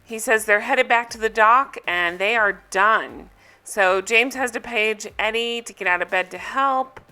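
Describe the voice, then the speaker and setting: A woman's voice: on the high side, measured pace, pushed and bright. A woman recapping a reality TV episode in casual, amused chat, with frequent ums.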